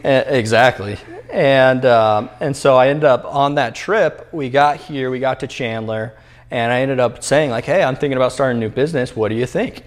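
A man in his twenties, an entrepreneur guest in a podcast interview, telling his story in a lively way, acting out quotes with many fillers and restarts. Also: mid-range voice, normal speed. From New Mexico, US. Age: 20s.

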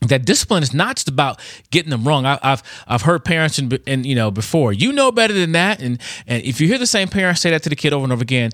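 A man's voice: mid-range voice, lively intonation, fast talker, fairly bright tone, dry recording. Middle-aged guy giving a chatty devotional, voice goes up and down a lot, dry close sound. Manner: earnest and conversational, acts out kids' voices. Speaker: devotional speaker, father. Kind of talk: informal devotional teaching.

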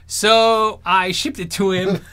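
A man with a high, bright voice chats casually to his viewers. He rambles through anecdotes with animated energy, speaking as a streamer. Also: slow pace, smooth. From Arizona. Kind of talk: casual storytelling chat.

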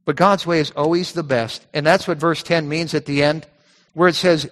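A male pastor giving a sermon in a conversational style, often repeating words and reading scripture slowly. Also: a little high, fairly even intonation, a bit bright. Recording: long reverb of a church hall.

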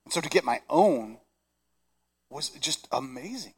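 A middle-aged man preaching a Christmas sermon, animated and shouting excited lines. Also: on the high side, a little slow, slightly rough. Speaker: pastor. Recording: long reverb of a large hall.

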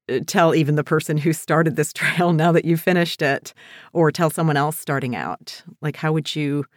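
A woman hosting a podcast, asking measured, thoughtful interview questions. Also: sits low, no room sound, clean studio sound. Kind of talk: interview questions and scripted outro.

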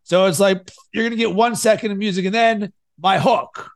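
A man hosting a podcast and coaching his guest, energetic, swinging between loud and soft to make his points. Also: high-pitched, moderate pace. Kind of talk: coaching conversation.

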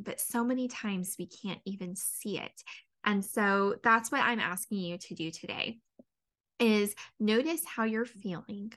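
A woman's voice: mid-range voice, fairly bright tone. An earnest woman in her thirties hosts a solo podcast, speaking in a mid-range voice. She talks heartfelt and unscripted, full of fillers like "um" and "you know". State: tearing up, near crying. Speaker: podcast host, dietitian and mindset coach.

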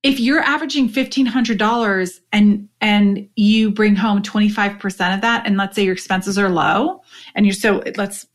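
A woman hosts a solo podcast and talks to her listeners about sales. She is chatty and animated, speaking directly to her audience in a mid-range voice. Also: mid-range voice, moderate pace.

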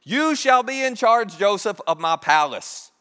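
A man's voice: high-pitched, lively intonation, a little slow, pushed and bright, clear, resonant tone, pitched above the performer's own voice, heavily acted. A man voicing a powerful ancient king who makes proclamations, slipping between formal and casual speech. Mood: commanding. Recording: echoey hall.

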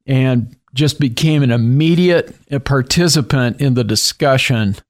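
A man's voice: medium pitch, measured pace. A man, an author being interviewed, telling a story conversationally and acting out what people said. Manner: animated retelling with acted quotes and laughs. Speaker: author and guest.

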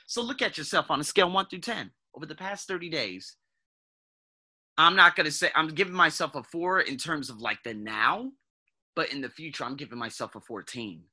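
A man in his thirties hosting a podcast, talking in a casual, blunt, profane monologue that swings between low muttering and loud outbursts. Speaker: podcast host.

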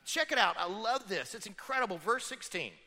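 Middle-aged male pastor, emphatic sermon, bright lively voice, long church reverb. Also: high voice, brisk. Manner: emphatic preaching with rhetorical questions. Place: church sanctuary.

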